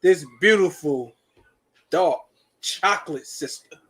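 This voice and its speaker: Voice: mid-range voice, slow, a bit bright. A co-host in a casual podcast chat, playfully hyping the others and chiming in.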